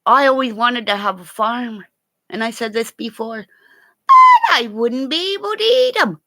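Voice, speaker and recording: An older woman with grandchildren, telling funny home stories in a casual, animated way, laughing often and swearing now and then. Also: fairly high pitch, moderate pace. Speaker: vlogger. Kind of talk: casual storytelling.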